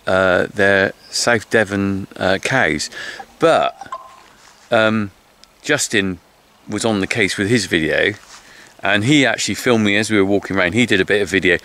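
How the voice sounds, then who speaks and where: A man's voice: on the low side, sharp tone. A man vlogging about farming, talking in a chatty, rambling way with lots of fillers, recorded outdoors by a cottage. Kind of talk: casual chat.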